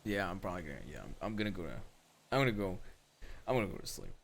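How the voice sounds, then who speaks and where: Laid-back man, lively pitch, faint hiss under a game stream mic. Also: rapid-fire. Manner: laid-back, mumbling, self-deprecating. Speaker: streamer, roleplay player. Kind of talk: casual in-character roleplay chat.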